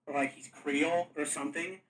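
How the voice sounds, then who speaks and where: A man running a tabletop session in a casual, halting way that doubles back on itself. His voice is bright and a touch higher than most, caught from away from the mic. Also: steady tone, distant mic, rough recording. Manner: halting, restarts often. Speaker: game master. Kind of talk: casual chat.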